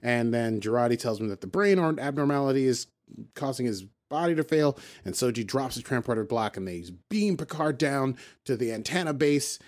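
A man's voice: mid-range voice, animated, fairly quick. A man hosting a casual podcast, recapping an episode and acting out the characters' lines as he goes.

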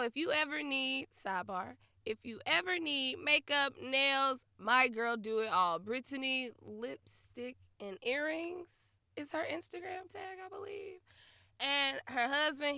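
Young woman podcaster, bright voice, dry close sound, blunt and profane, muttering then shouting. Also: high-pitched, a little slow, no echo. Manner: profane, blunt, laughing, swings from muttering to loud outbursts. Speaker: podcast host. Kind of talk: casual storytelling monologue.

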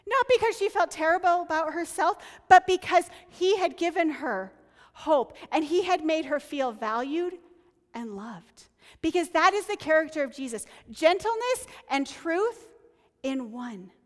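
High-voiced woman preaching, slow. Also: animated, long reverb tail. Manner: earnest, conversational, drops to soft near-whispers on key lines. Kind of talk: sermon.

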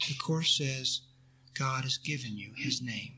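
A man's voice: mid-range voice, measured pace, bright, forceful tone, breathy edge. A man giving an earnest spiritual talk, answering a question and leading his listeners in repeated affirmations. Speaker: spiritual teacher.

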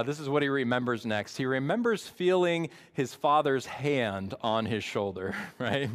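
A man preaches to his church in a relaxed, storytelling sermon. His voice sits a little high for a man, and he talks in a lively, chatty way. He keeps checking in with the congregation with a quick "right?". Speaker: campus pastor. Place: church service before a congregation.

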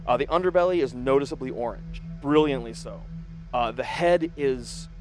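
A man narrates a tabletop game as its game master, painting each scene in vivid, detailed description. His voice sits at an everyday middle pitch. Background music plays clearly under him. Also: normal speed.

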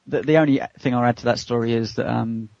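Laughing, gravelly man telling stories. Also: mid-range voice, fairly even intonation, quick pace, a little mellow, dry recording, highs cut off. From United Kingdom. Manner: chatty, laughs often, acts out voices in his stories. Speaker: co-host answering interview questions. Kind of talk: casual storytelling in an interview.

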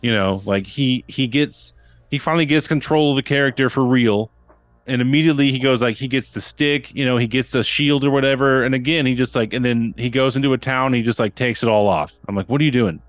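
A man's voice: mid-range voice, brisk, dry recording, faint music behind. A man and father on a podcast, chatting casually and rambling with lots of fillers and restarts. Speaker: podcast co-host. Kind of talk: casual chat.

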